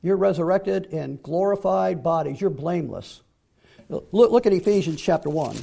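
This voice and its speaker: A man giving a Bible teaching sermon, emphatic, repeating key phrases and dropping to quiet asides. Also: sits high, expressive, normal speed, vocal fry.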